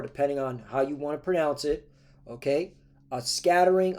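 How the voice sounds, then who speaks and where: A male preacher with a somewhat high-pitched voice reads verses aloud and then explains them in his own words. He keeps checking in with his listeners, "all right? okay?", and his tone is combative. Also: darkish tone. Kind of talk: scripture-reading sermon.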